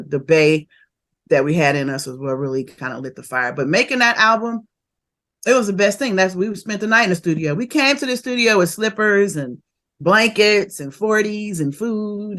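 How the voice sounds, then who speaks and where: A woman, a rapper telling stories of her early career in a casual interview, animated and quick to laugh. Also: medium pitch. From Oakland, California. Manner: animated and laughing, fast bursts of memories.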